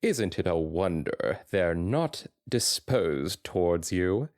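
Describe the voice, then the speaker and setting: A man's voice: sits low, sing-song, slow, a little mellow, no echo, full character voice. A man voicing a wealthy middle-aged stallion pony in a dramatic fanfiction reading, blunt and dryly sarcastic. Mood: mocking. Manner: dry and sarcastic. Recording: dry close sound.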